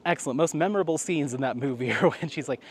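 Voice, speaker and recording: A man's voice: on the high side, quick pace, a little hiss or hum. A man vlogging in a casual chatty way, rambling with frequent laughs and fillers. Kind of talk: casual chat to camera.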